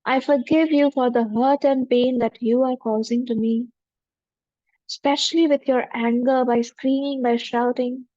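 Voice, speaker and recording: A woman, a spiritual teacher leading a guided forgiveness meditation in a gentle, humble voice with repeated affirmations. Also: high-pitched, steady tone, unhurried, no room sound. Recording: dull lo-fi dry recording.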